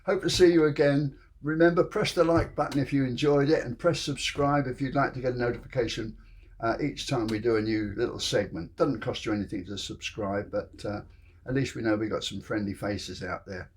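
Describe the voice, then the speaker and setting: A man's voice: mid-range voice, a little fast, a little hiss or hum. An older man, hosting and telling jokes to camera, chuckling at his own punchlines. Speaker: joke teller, channel host.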